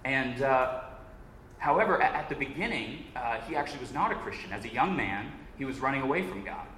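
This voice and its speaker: A man's voice: medium pitch, animated, a little fast, fairly bright tone. A man giving a sermon as a guest preacher, telling a story in an earnest way. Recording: echoey room with faint noise.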